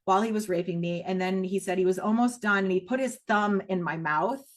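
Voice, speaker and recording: A middle-aged woman speaking as a podcast guest, giving emotional personal testimony in a raw, blunt way, her voice swinging from low and hushed to high and loud. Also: brisk. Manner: blunt, with strong profanity.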